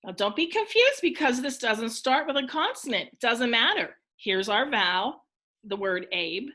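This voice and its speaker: A woman teacher giving a recorded phonics lesson to young children, speaking in an encouraging way and enunciating each word clearly. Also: a little high, sing-song, normal speed, pushed and bright. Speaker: elementary school teacher.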